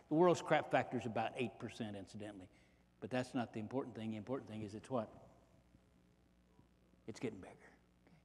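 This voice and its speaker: A man in his fifties speaks at a conference keynote, folksy and joking, and keeps throwing rhetorical questions at the crowd. His voice sits at an ordinary middle pitch. A long reverb trails off every phrase in the large hall. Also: normal speed. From Texas. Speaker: economist giving a keynote talk.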